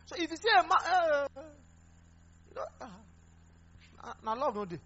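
Animated high-voiced preacher, lo-fi. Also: male voice, normal speed. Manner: animated, mixing Pidgin, laughing and exhorting. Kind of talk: sermon. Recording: dull lo-fi recording with faint music.

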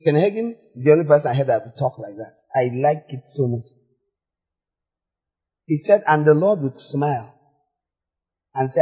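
Animated husky preacher. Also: male voice, mid-range voice, normal speed, long pauses. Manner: animated, swinging from quiet asides to loud exclamations. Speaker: pastor. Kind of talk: sermon. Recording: echoey hall, slightly dull sound.

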